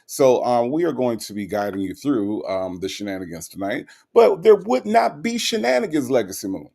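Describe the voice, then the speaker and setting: Gravelly animated livestream host man. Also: medium pitch, moderate pace. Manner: animated, repeats phrases for effect. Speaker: livestream talk show host. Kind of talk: casual chat, reading out viewer comments.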